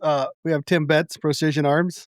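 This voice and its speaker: A man's voice: a little high, little pitch movement, moderate pace, dry recording, clean studio sound. A man co-hosting a casual podcast chat, joking crudely and laughing easily. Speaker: podcast co-host.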